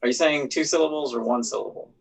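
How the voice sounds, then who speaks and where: A man's voice: on the high side, fast talker, vocal fry, low-quality recording. A man co-hosting a casual livestream, chatting and laughing. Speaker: co-host. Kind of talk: casual chat.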